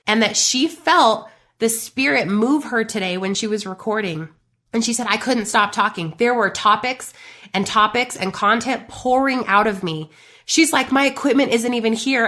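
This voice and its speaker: A woman in her thirties hosting a faith-based business podcast, talking to listeners in a lively, chatty way. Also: mid-range voice. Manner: animated, chatty, addresses listeners as you guys. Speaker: podcast host.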